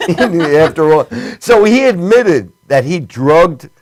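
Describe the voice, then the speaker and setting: A man's voice: on the high side, big pitch swings, slow, a little mellow. A middle-aged man hosting a comedy talk show, joking and laughing often in casual chat.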